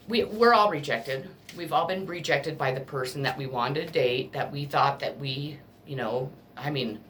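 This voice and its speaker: A low-pitched woman speaks in a casual spiritual pep talk as a tarot reader. She sounds earnest and emotional, blunt and willing to curse. A faint hiss of background noise sits under the voice. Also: fairly bright tone.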